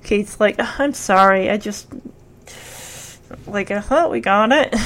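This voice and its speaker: A woman host giving a casual, animated recap of a TV episode, acting out the characters' lines and saying "like" often. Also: a little high, slow pace. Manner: animated storytelling, acts out characters' lines, frequent "like". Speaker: podcast host.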